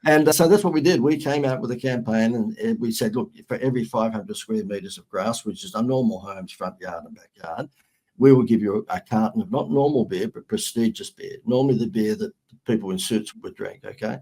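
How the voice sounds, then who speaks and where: A middle-aged man with an Australian accent, a guest on an interview show, telling lively anecdotes with sarcastic humor. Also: on the low side, fairly quick, husky. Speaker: guest, marketing consultant. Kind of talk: storytelling interview chat.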